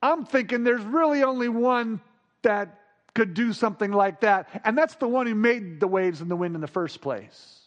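A man delivers a sermon in a notably high voice. He builds to loud, urgent repetitions, then drops to low, hushed phrases for the calm moments. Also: normal speed, dull audio. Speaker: preacher.

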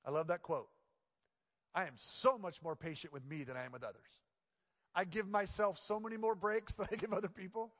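A man, a pastor, giving a conversational, joking sermon that drops into quiet, earnest prayer tones. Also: high-pitched, a little fast, big-room sound.

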